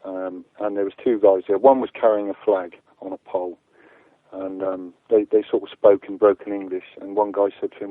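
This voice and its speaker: Halting man over a tinny phone line. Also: lowish voice, level tone, dry recording. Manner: halting, repeats words often. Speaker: activist guest. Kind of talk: earnest interview answers.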